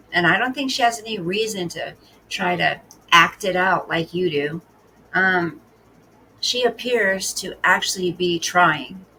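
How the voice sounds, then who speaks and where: A woman gives blunt, sarcastic reaction commentary at a slow, deliberate pace. Her voice is bright but heavy with gravelly fry, and she sits a little lower in pitch. A faint hiss runs underneath. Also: poor audio. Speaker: commentary host.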